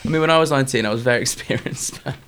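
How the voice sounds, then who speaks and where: A young man co-hosting a casual podcast, reading out listener dilemmas with loud laughs and dramatic shrieks. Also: mid-range voice, racing, a little hiss or hum. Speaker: podcast co-host.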